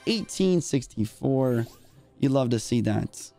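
A young man streaming a mobile game, calling out each move in quick play-by-play while a little short on sleep. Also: mid-range voice, a little mellow, soft background music. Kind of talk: live gameplay commentary.

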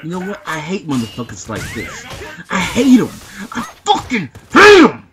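A man giving live fighting-game commentary, boasting and trash-talking the opponent with heavy profanity, often shouting. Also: sits high, huge pitch swings, normal speed, music in the background. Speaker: gameplay commentator.

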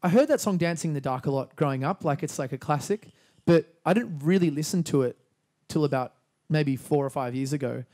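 A young man with an Australian accent, a musician guest talking in a relaxed, rambling way with lots of fillers. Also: on the high side, a little fast. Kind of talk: casual interview chat.

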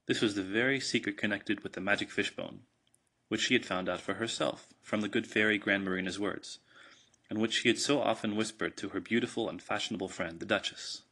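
A man narrating a storybook aloud at a measured, steady pace. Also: lowish voice. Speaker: audiobook narrator. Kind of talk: storybook reading.

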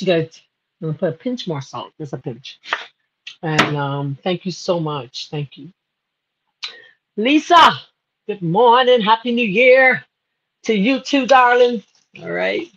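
Emotional Bahamian woman cooking live. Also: on the low side. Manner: emotional, laughing, spiritual asides. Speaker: cooking show host. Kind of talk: casual live cooking chat. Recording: slightly dull audio with faint noise.

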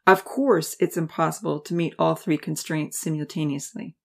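Grumpy dismissive male professor, curt, annoyed, woman voicing him, lowish pitch. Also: fairly even intonation, moderate pace, creaky, breathy edge, full character voice.

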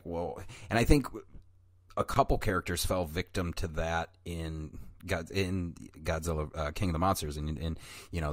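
A low-voiced man talking through a film review on his podcast, recorded close and dry with no room sound. He rambles, swears freely and pokes fun at himself, drifting off topic and then finding his way back. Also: no room sound. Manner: rambling, profane, self-mocking, goes off on tangents. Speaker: podcast host. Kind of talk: casual solo film review.

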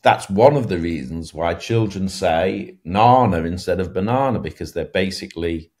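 A man with a very low voice answers interview questions as an expert. He explains things carefully and sometimes repeats a word as he works out his sentence. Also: normal speed, a little mellow. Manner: thoughtful, explanatory, with restarts. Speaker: guest expert.

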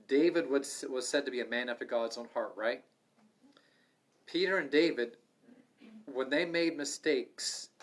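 A middle-aged man leading a livestreamed Bible study, earnest and conversational, swinging from loud urging to soft asides. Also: medium pitch, measured pace, long pauses. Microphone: livestream microphone.

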